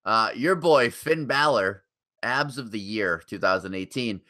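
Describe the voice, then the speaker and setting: A man's voice: on the low side, lively intonation, measured pace, bright, forceful tone. A man co-hosting a casual podcast chat, sarcastic and swearing freely. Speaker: podcast co-host.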